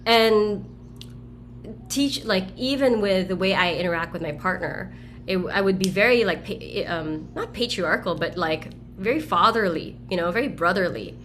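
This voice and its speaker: A woman speaking as a roundtable guest on a video call, telling a story in a direct, energetic way. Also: medium pitch, moderate pace, slight background noise. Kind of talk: casual group discussion.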